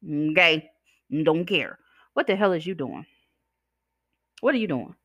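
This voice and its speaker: A woman's voice: deep voice, very animated, measured pace, fairly bright tone, no echo. Blunt, sassy woman ranting. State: chewing gum, slightly slurred. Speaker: podcast host. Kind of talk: ranting monologue.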